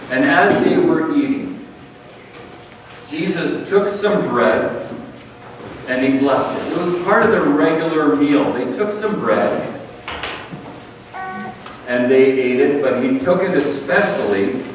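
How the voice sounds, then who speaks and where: Pastor, male, slightly high voice, unhurried earnest sermon delivery, booming hall reverb. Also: animated, background noise. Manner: earnest, conversational preaching with emphatic repetition. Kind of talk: communion sermon. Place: church sanctuary. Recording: echoey hall, far from the mic.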